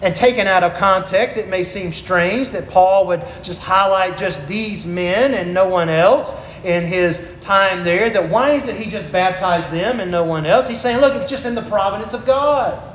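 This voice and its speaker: A man preaching a sermon as a pastor, earnest and emphatic, slowing down to stress key phrases. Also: high-pitched, fairly bright tone, echoey room, a little hiss or hum, low-quality recording.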